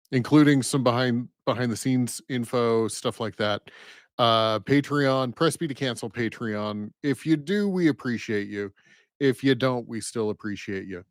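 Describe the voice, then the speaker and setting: A man co-hosting a casual gaming podcast, relaxed and halting, with many pauses and restarts. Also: mid-range voice, smooth, no room sound, studio quality. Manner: relaxed, halting, full of fillers. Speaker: podcast co-host.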